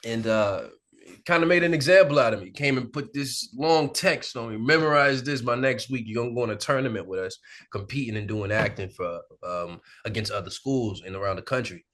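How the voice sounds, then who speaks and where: Bright-voiced man telling animated stories. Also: mid-range voice, a little fast. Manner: animated, acts out quoted voices, laughs often. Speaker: actor, interview guest. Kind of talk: candid conversational storytelling. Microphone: sit-down interview mic.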